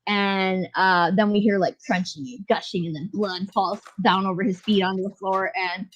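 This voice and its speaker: A woman speaks at a normal speed with medium pitch and fairly even intonation, with no room sound. Co-hosting a podcast, she reviews a show in a casual, rambling, foul-mouthed way and laughs as she retells scenes. The recording is dull and lo-fi, with faint music.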